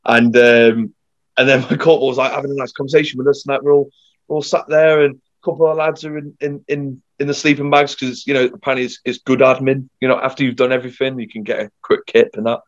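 A young man tells a rough, sweary army story with energy, jumping into the voices of the people in it. His voice sits at an ordinary middle pitch. The recording is dull and lo-fi. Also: fast talker, no echo. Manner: sweary, animated storyteller acting out quotes. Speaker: podcast guest. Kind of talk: casual storytelling. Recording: dull lo-fi sound.

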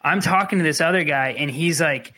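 Animated young man telling a wild story. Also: fairly high pitch, fairly quick. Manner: animated, laughing, mimics voices. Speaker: podcast host. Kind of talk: casual storytelling.

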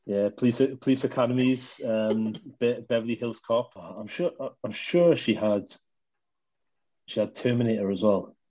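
A man co-hosting a casual podcast, telling stories in a rambling, relaxed way. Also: medium pitch, normal speed, no room sound. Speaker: podcast co-host. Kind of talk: casual chat. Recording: dull lo-fi dry mic.

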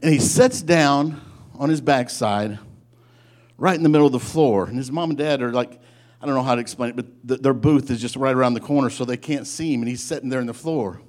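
A man preaching a sermon, telling a folksy story in an animated way and often breaking off to restart his sentences. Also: mid-range voice, fairly quick. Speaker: pastor.

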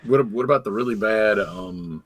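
A man's voice: on the low side, moderate pace, slight background noise. A man in a casual podcast chat who cuts in with skeptical questions.

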